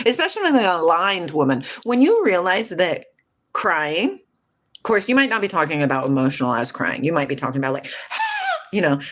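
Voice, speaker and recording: Reading her chat aloud, a middle-aged woman answers viewers' comments on a relaxed spiritual livestream, laughing often. She is animated, swinging from hushed tones to high ones.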